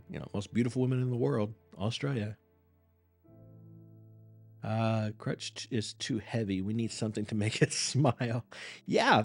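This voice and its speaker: A man's voice: lowish voice, a little mellow. A man hosting a live reaction stream, chatting casually with viewers in a rambling, apologetic and self-mocking way.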